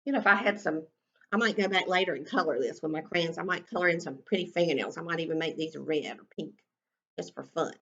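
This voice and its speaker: Demonstrating writing for little kids, this kindergarten teacher draws out sounds in a slow, sing-song delivery as she writes and draws. She has a deep voice with a bit of brightness, captured in dull audio.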